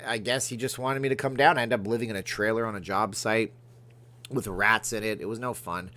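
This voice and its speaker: A man's voice: fairly low pitch, a bit bright. Rambling, joking man hosting a livestream. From Alberta, Canada. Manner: rambling, joking, talks to his cat between comments. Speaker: livestream host. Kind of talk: casual livestream chat reading viewer comments.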